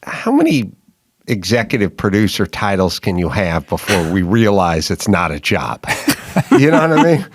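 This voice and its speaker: Man, podcast host, sardonic riffs, lively pitch swings. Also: normal speed. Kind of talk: casual podcast chat.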